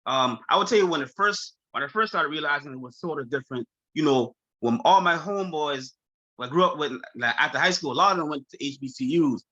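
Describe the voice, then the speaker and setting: A man from Charleston with a Gullah Geechee-tinged accent, telling stories on a video call. His voice is bright and sits a bit high for a man, and he laughs easily through his anecdotes. The audio is dull and muffled. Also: brisk. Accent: Gullah Geechee-influenced Charleston. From Charleston, South Carolina. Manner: animated, laughs often, mimics friends in quotes. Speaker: chef, guest. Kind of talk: casual conversational storytelling.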